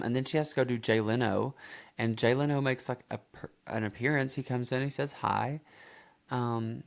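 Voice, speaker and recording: A man's voice: medium pitch, creaky. A man hosting a reaction video, rambling casually with lots of fillers and self-corrections.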